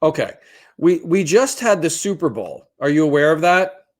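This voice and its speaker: A man's voice: fairly high pitch, sing-song, moderate pace. A man in his fifties co-hosting a podcast, telling a long story in a rambling, profane, self-deprecating way. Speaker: podcast co-host.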